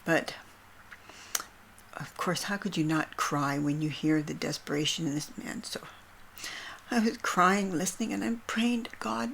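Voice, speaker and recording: An older woman, a grandmother, telling a personal story in an earnest, soft voice that often sinks to a breathy near-whisper. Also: fairly low pitch, unhurried, pauses often, slight background noise. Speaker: vlogger.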